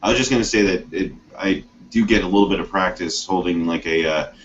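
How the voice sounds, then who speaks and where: A man's voice: low voice, a little fast. A man joining a video-call hangout to ask the guest a question, polite and slightly hesitant, heard through lo-fi call audio. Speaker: viewer asking questions. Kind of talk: casual video hangout chat.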